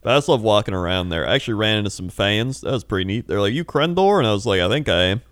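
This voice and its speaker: Chatty young man with lively pitch. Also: racing, no room sound. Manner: laughing storyteller, acts out quoted people. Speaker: podcast co-host. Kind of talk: casual chat.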